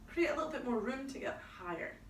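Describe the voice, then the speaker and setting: A woman's voice: high-pitched, expressive, brisk, roomy sound, distant mic, a little hiss or hum, low-quality recording. Scottish woman teaching singing. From Scotland. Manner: encouraging, demonstrates notes by singing. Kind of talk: one-to-one singing lesson.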